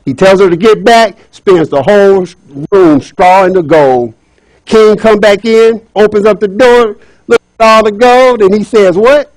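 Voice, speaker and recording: A man's voice: high-pitched, measured pace, no room sound, rough recording. A man giving a playful comic retelling of a fairy tale as a speech at a speaking club. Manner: animated, playful storyteller.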